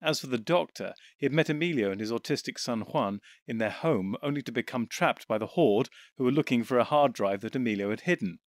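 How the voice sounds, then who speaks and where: A man narrating an audiobook in an even, steady storytelling voice on a close mic. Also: medium pitch, brisk, few pauses, no echo.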